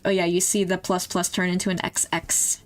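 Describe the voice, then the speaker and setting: A woman's voice: on the low side, little pitch movement, a little fast. A young woman streaming, chatting casually and emotionally as she reacts to music videos, laughing and gasping along the way.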